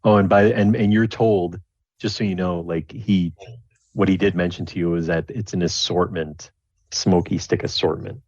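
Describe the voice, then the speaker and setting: A man's voice: low-pitched, fairly even intonation, moderate pace, darkish tone, no echo. A man narrating as game master of a tabletop game, rambling with many restarts. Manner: rambling, full of restarts and fillers, slips into character voices. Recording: dull, lo-fi dry recording.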